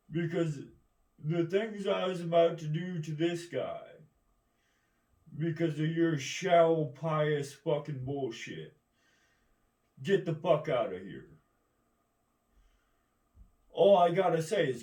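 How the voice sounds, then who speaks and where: This man's voice is a bit high and dark, and he speaks slowly with frequent pauses. He launches into a rambling, belligerent monologue packed with swearing and repeated "right?" checks, recorded from afar in a reverberant room.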